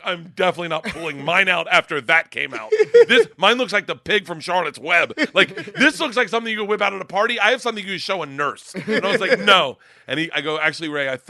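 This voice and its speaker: A man's voice: fairly high pitch, no room sound, studio quality. Rowdy, profane male comedian telling stories. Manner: profane, rowdy storyteller who acts out voices loudly. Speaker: comedian guest. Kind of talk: storytelling in casual chat.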